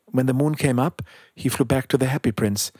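A man reading a children's storybook aloud in a calm, steady narration. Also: medium pitch, a little fast, slightly rough, no echo, clean studio sound.

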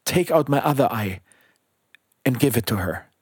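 A man voicing a kind, sorrowful male statue prince who speaks in a gentle, earnest, pleading way. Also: mid-range voice, animated, moderate pace, husky, dry recording, studio quality.

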